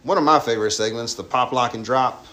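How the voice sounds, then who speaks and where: A man's voice: mid-range voice, fast talker, pushed and bright. A man hosting a casual podcast, easygoing as he runs through the segments. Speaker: podcast host. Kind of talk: casual chat.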